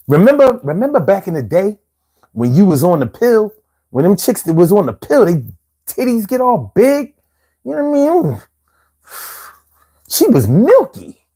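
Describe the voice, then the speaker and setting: A man's voice: sits high, a little mellow, husky. A man hosting a casual live show, telling stories in loose slang and laughing often. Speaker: show host.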